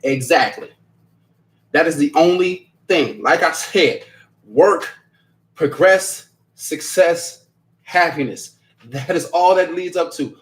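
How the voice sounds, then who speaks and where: A man's voice: a little high, slow pace. A man hosting a casual livestream and reading viewer comments aloud, talking bluntly and emphatically, swearing freely and repeating his points. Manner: apologetic after ranting.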